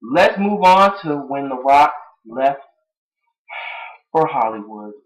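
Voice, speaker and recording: A young man from Atlanta giving excited, casual fan commentary, often laughing as he retells moments. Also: mid-range voice, slow pace, rough recording. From Atlanta, United States. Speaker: wrestling fan vlogger.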